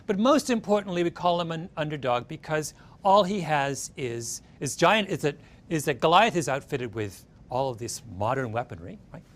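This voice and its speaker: Animated man telling a story in a talk. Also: a little high, moderate pace. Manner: animated, checks in with "right?". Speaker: speaker giving a talk. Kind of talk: storytelling lecture.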